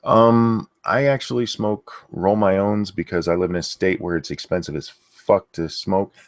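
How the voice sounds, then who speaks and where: A man with a very low voice gives laid-back, matter-of-fact replies as a stream co-host. His delivery is casual and unhurried. The sound is dry and close. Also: fairly even intonation, no room sound. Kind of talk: casual chat.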